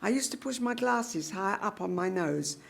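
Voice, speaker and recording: A woman reading a children's short story aloud at a public reading, in an animated, expressive style with voiced characters. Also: medium pitch, moderate pace, gravelly. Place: live literary reading event.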